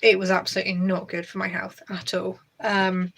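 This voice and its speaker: A woman's voice: medium pitch, completely flat delivery, normal speed, gravelly, hardly any pauses, a bit bright, breathy edge. A young woman hosting a budgeting channel, chatting casually to camera in a rambling way with many fillers and restarts.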